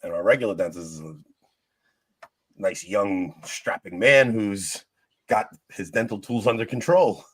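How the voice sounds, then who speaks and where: A man's voice: fairly low pitch, a little slow, dry recording. A young man co-hosting a casual talk show, telling a story with frequent laughs and joking asides. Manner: laughing often, joking, mimics people in stories. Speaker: podcast co-host.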